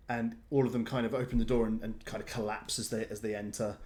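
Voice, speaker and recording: A man's voice: lowish voice, level tone, a little fast, a little mellow. A man narrating as game master of a tabletop game, talking hesitantly with many ums and restarts.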